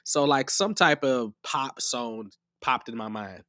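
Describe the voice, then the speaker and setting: Speaking slowly, a man uses a medium-pitched voice that sounds pushed and bright, in clean studio sound with no echo. He's hosting a live music-production tutorial while a little sick, rambling chattily and restarting often.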